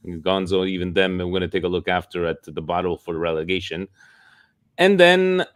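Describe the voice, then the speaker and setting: A man co-hosting a casual football podcast, talking in an animated way and swearing freely. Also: sits low, moderate pace, no room sound, studio quality. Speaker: podcast co-host. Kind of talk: casual sports talk.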